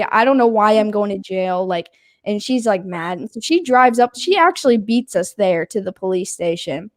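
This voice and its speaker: A woman's voice: a little high, dry recording, studio quality. A young adult woman casually telling a story, acting out what people said, laughing and swearing as she goes. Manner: animated, acts out quotes, laughs, swears casually.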